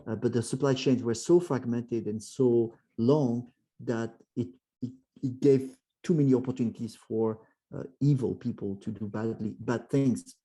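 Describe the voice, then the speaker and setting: A man's voice: mid-range voice, normal speed, husky. A man with a French accent giving a presentation to a club, often restarting and acting out quoted voices. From France. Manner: frequent fillers and restarts, animated quoted voices. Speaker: guest speaker.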